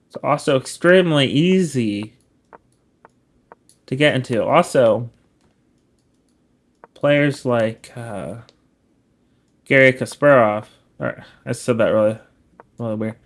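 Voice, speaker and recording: A man's voice: medium pitch, slow, long pauses. A man giving casual chess study commentary, laid-back and explanatory, often correcting himself as he goes. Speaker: chess streamer.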